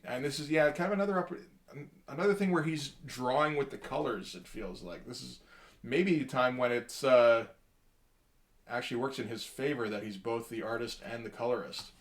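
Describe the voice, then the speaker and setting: A man talks his way through a comic book, one page at a time. He speaks at an ordinary, middling pitch, stopping and restarting often and dropping dry, wry asides as he goes. The delivery is loose and unscripted, like a casual review. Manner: rambling, halting, with many fillers and wry asides.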